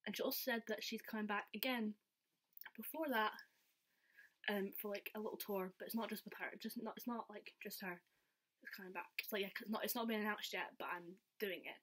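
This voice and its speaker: A young woman telling a story in a casual, excited, chatty vlog style, full of "like" fillers. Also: mid-range voice, brisk. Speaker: vlogger.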